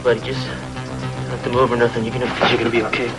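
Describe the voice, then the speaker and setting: An actor playing a distraught man who tries to keep a dying friend calm in a 1980s soap opera. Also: medium pitch, very fast, gravelly, over loud music, natural voice. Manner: urgent, pleading.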